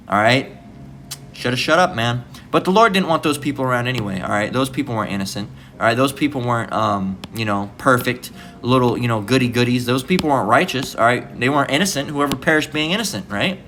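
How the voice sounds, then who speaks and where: A man's voice: mid-range voice, quick pace, pushed and bright, a little hiss or hum. A man giving an informal, rambling scripture lesson, swearing freely and ending many lines with "all right?". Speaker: preacher.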